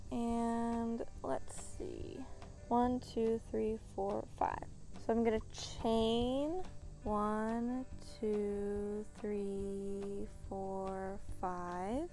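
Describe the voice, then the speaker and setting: A woman's voice: medium pitch, fairly even intonation, very slow, mellow, soft background music. A young woman chatting casually in a crafting vlog, bubbly and gushing, sometimes counting stitches under her breath. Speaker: crafting vlogger.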